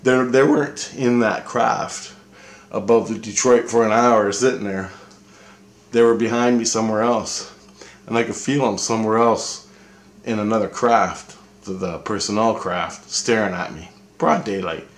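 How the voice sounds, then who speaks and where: A man's voice: fairly low pitch, fairly even intonation, a little slow, echoey room. A man from Canada telling a personal story in a rambling, profane way, often repeating himself. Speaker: vlogger telling experiences. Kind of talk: casual storytelling.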